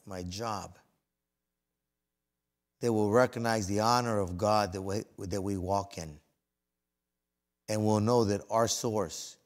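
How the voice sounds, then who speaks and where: A man preaching a sermon as pastor, swinging between loud fervent passages and quiet, folksy storytelling with conversational asides. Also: on the low side.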